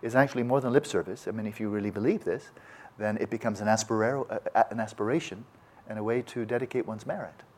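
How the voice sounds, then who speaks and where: A man with a fairly low voice gives a reflective meditation teaching. He talks thoughtfully, often breaking off and restarting his sentences as he works through an idea. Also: quick pace. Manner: acts out quoted voices. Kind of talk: reflective dharma talk.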